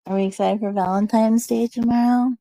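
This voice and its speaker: A woman's voice: on the high side, steady tone, fairly quick, gravelly, warm tone, no room sound, poor audio. A woman streaming from home, chatting casually with her viewers and answering chat messages in a rambling way full of "like" and "um". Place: at home, snowed in.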